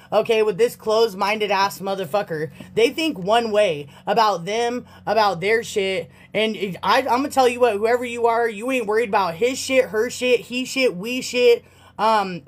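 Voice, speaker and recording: A tarot reader talking straight to the viewer in a blunt, sassy way, swearing freely. The delivery is loose and conversational, at a middle pitch. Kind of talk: casual tarot reading monologue.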